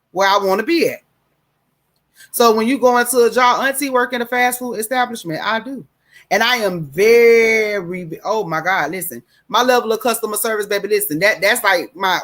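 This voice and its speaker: A woman's voice: medium pitch, fairly bright tone. A middle-aged woman hosting a talk show, giving an emphatic, preachy monologue and calling listeners baby. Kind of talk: casual monologue.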